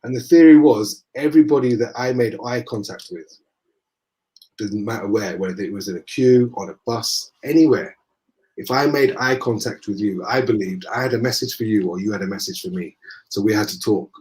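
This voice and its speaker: A man with a Northern English accent, a guest in a conversation, telling lively anecdotes and acting out the dialogue. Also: on the low side, brisk. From northern England. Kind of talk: casual storytelling in conversation.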